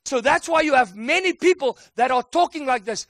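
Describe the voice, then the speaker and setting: A man preaching a sermon with emphatic call-and-response delivery that builds to excited shouts. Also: very high voice, brisk, dry recording, studio quality.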